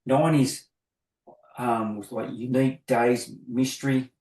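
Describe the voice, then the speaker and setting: Middle-aged man, Australian accent, animated storyteller, echoey room. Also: medium pitch, measured pace. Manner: animated, acts out both sides of his anecdotes. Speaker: guest graffiti artist. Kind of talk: casual storytelling.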